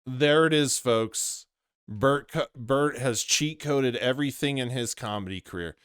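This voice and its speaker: Man with a smooth voice giving rambling commentary. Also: mid-range voice, measured pace, a bit bright, no room sound, studio quality. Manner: rambling, opinionated, full of fillers. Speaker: commentary channel host. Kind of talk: commentary monologue.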